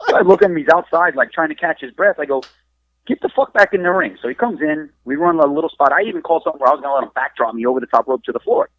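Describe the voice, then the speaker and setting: A man's voice: fairly high pitch, very fast, hardly any pauses, no room sound, dull audio. A man casually telling profane wrestling stories on a podcast, acting out what everyone said. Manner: profane, animated storyteller acting out quotes. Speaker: wrestler and trainer, podcast guest.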